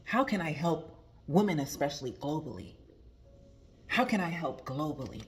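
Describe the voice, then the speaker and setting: A woman's voice: sits low, animated, normal speed. A woman hosting a motivational talk as a spiritual coach, emphatic and preachy, repeating her key phrases.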